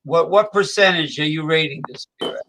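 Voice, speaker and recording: A man co-hosts a casual beer chat, rambling and hesitant with many fillers. His voice sits a little high and sounds bright and forceful. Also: brisk, rough recording. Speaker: co-host.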